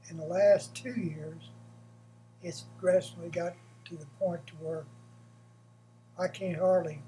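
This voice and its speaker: A man, short of breath, giving a blunt, halting opinion monologue for his vlog from home. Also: a little high, mellow, a little hiss or hum, poor audio. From United States. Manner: halting, blunt, with frequent pauses and restarts. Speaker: vlogger.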